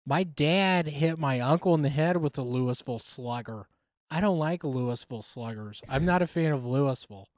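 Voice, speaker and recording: A man co-hosting a casual comedy chat, trading deadpan absurd jokes and swearing casually. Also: mid-range voice, moderate pace, no echo, clean studio sound. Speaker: podcast co-host.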